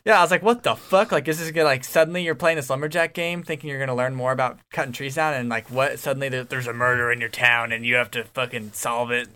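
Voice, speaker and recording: Man, bright clear voice, excitable, rambling, casual podcast chat. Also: mid-range voice, fast, hardly any pauses. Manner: excitable, swears a lot, rambling storytelling. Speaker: podcast co-host.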